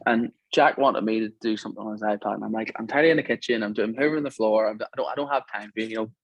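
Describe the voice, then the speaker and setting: A man's voice: fairly low pitch, very fast, no echo, poor audio. A man talking as a podcast guest, telling a reflective, earnest story in a casual chat.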